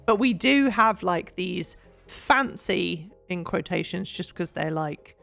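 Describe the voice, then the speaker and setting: A woman's voice: lowish voice, animated, a little slow, gravelly, a bit bright, soft background music. A young English woman streaming, chatting casually and rambling with lots of giggles while she cleans. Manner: bubbly and giggly, rambling with fillers.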